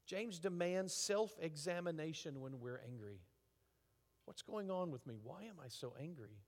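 A man preaching a conversational sermon, halting with fillers and restarts, rising to emphatic rhetorical questions. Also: fairly high pitch, expressive. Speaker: pastor. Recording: reverberant hall.

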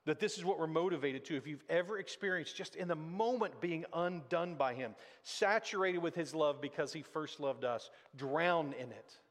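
A man's voice: a little high, normal speed, hardly any pauses. A man preaching a sermon as pastor, talking in a conversational way and acting out quotes. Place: church sanctuary. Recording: church hall reverb.

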